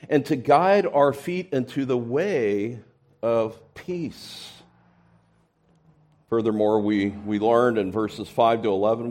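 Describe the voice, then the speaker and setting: A man preaching a sermon, talking conversationally with frequent restarts, then rising into loud emphatic peaks and dropping into soft asides. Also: medium pitch. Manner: conversational, repeats words and restarts. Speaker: pastor.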